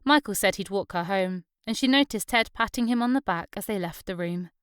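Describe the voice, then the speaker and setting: A woman's voice: mid-range voice, brisk, smooth, dry recording, studio quality. A woman narrating an audiobook. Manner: gentle storytelling, giving characters light voices. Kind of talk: scripted narration.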